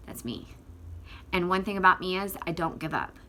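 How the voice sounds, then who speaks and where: A tearful woman vlogs straight to camera, and her voice sounds bright and forceful. She speaks in an impassioned, rambling way, stacks up fillers and restarts, and circles back to push her points hard. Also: lowish voice, steady tone, fast, slight background noise. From Northwest Florida. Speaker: activist vlogger. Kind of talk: impassioned direct-to-camera vlog.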